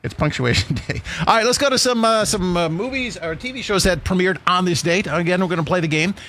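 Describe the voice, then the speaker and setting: A man's voice: high voice, expressive, fairly quick, fairly bright tone, a little hiss or hum. A man hosting a morning radio show in a studio, chatting in a rambling, jokey way and telling stories. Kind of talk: casual radio banter.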